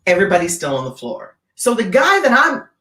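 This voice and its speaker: A woman tells a gripping story in an interview, her pitch swinging widely as she builds tension. She keeps tossing in "right?" to pull the listener along, and her voice carries a roomy echo. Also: a little fast. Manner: animated, keeps checking in with "right?". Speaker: guest keynote speaker.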